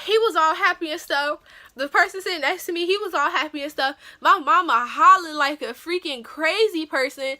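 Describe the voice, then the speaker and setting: On her vlog, a young woman tells a story in a high, bright voice. The telling is loose, slangy and animated, peppered with casual asides to her viewers.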